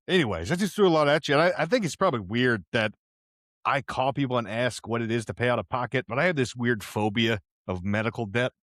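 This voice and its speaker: Rambling casually through a slang-heavy story, a young podcast host from Houston, Texas, speaks with a medium pitch and a fairly bright tone. He wears headphones, is partly deaf in one ear, and uses a close mic, with a dry, studio-quality recording.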